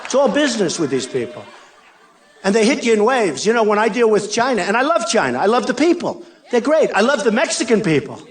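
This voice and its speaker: Addressing a rally in a large arena, this older political candidate boasts, repeats himself, and throws in mocking asides. His voice sits high and sounds very animated, moving a little fast. Faint crowd noise and ambience from the big arena surround him.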